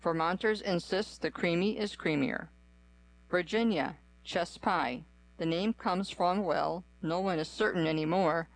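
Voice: mid-range voice, unhurried, dry recording, low-quality recording. A narrator giving a scripted, evenly read-aloud run through a list.

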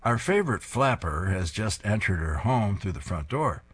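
A man's voice: lowish voice, sing-song, normal speed, a bit bright, slightly rough. A man reading comic strips aloud, describing each panel in an amused, descriptive way.

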